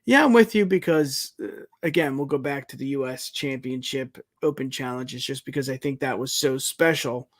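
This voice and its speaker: A man's voice: medium pitch, moderate pace, hardly any pauses, dry recording, studio quality. A man co-hosting a casual wrestling podcast, chatty and leaning on filler phrases. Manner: chatty, leans on filler like "you know" and "it's just like". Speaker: podcast co-host.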